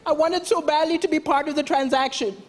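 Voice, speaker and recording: A man from Malawi doing stand-up comedy on a talent show stage, telling punchy stories with acted dialogue and pauses for laughs. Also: extremely high pitch, fairly even intonation. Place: large theatre stage with audience. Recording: broadcast stage mic with crowd noise. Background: loud audience laughter and cheers.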